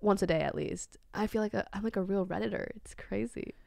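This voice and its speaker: A young woman guest in casual chat, animated and giggly, trailing off with hedges. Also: mid-range voice, a little fast, gravelly, dry recording, clean studio sound.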